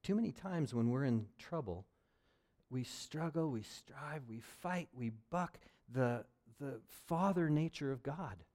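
A man's voice: mid-range voice, lively intonation, unhurried. Passionate preaching man. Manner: passionate, swings between loud urgency and quiet intimacy. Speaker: pastor. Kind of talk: sermon.

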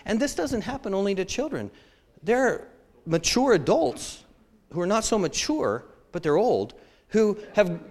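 Man in his fifties, sermon, animated storyteller, acts out quotes, self-mocking humor, slightly high voice. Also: normal speed. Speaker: preacher.

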